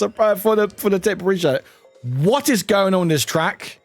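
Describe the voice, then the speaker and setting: Male streamer, high and very expressive, talkative and laughing, faint music behind. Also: normal speed. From United Kingdom. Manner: animated and chatty, laughs often, exclaims loudly. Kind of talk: casual live-stream chat with viewers.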